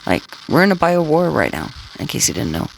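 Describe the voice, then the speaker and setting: A woman's voice: deep voice, very animated, brisk, creaky, slight background noise, rough recording. A woman rambling crudely to her livestream listeners, taunting them and tagging her sentences with questions. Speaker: scanner livestreamer talking to listeners. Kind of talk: rambling casual monologue.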